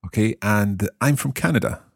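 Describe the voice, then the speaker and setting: A man hosting a language lesson podcast, asking questions and slowly repeating practice phrases after the teacher. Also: on the low side, creaky, no room sound, studio quality. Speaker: podcast host learning Mandarin.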